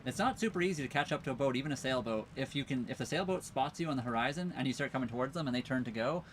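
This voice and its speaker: A man's voice: medium pitch, rapid-fire, a little hiss or hum. Easygoing man chatting on a boat livestream. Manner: easygoing, rambling, reads viewer comments aloud. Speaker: live stream host. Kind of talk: casual live stream chat. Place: on a sailboat at a marina.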